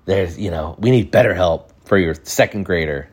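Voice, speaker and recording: A man's voice: low voice, breathy edge. A man in his thirties doing a comedic storytelling monologue, rambling with lots of "like" and "dude.". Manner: animated, jumps into quick voices. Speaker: podcast host.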